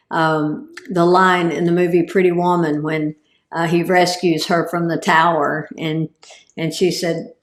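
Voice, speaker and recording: Her low-leaning voice carries a roomy quality as she jokes at her own expense. She's a guest speaker and cancer survivor, and her talk is humorous and self-deprecating throughout.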